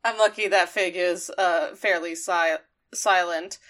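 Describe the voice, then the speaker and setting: A woman's voice: lowish voice, steady tone, a little slow, fairly bright tone. A woman co-hosting a podcast in casual chat, with many "like" fillers, who laughs easily. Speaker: podcast co-host.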